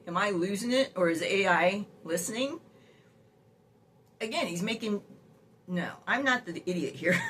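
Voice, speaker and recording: A woman's voice: on the low side, fairly bright tone, slight background noise. An older woman, a great-grandmother, telling a story in a casual vlog with sassy, exasperated remarks and frequent laughter. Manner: laughs often while talking. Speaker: vlogger.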